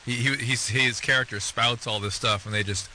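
A man co-hosting a talk radio show, chatting quickly and laughing. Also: medium pitch, steady tone, sharp tone, a little hiss or hum. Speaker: radio co-host. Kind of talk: casual talk radio chat.

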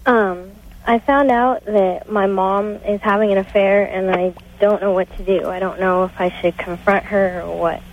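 An eighteen-year-old woman on a call-in line, halting and unsure, full of fillers. Her pitch sits mid-range for a woman. The call sounds muffled and lo-fi. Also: steady tone. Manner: hesitant, halting, many fillers. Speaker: caller. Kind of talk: phone-in call. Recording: dull phone-line call.

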